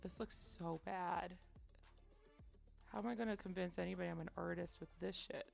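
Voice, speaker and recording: Woman streamer, heavy vocal fry, rambling casual chat over faint music. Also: fairly low pitch, steady tone, normal speed. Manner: rambling, self-deprecating, many fillers; drops to quiet mutters while concentrating. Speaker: livestreamer.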